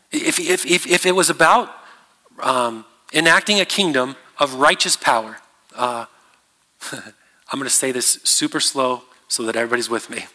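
A man preaching a sermon as a pastor, in a conversational, halting way with many fillers and restarts. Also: medium pitch, bright, forceful tone. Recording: long reverb of a large hall.

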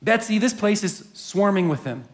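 A man's voice: high voice, animated, moderate pace, voice pushed up. A man voicing a frightened, exasperated adult woman prisoner who pleads and complains. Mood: distressed. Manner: distressed, pleading.

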